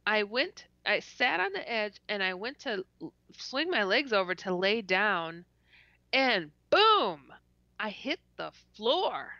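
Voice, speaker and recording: A woman's voice: medium pitch, very animated, slow, bright, forceful tone, no echo. A woman guest telling a story animatedly. She laughs often, stutters and acts out her own reactions, heard through dull lo-fi call audio. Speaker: podcast guest. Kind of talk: casual storytelling in an interview.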